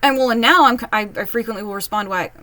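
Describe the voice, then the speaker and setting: A woman giving casual reaction commentary while reading online posts at home, chatty and candid, with quick asides. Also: a little high, bright, forceful tone, no room sound. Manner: chatty, candid, quips and mimics others in asides. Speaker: online post reader and commentator.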